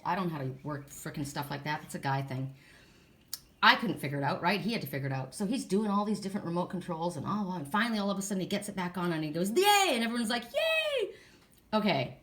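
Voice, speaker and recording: A middle-aged woman giving a casual oracle card reading, chatty and animated, telling stories and laughing as she talks. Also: on the low side.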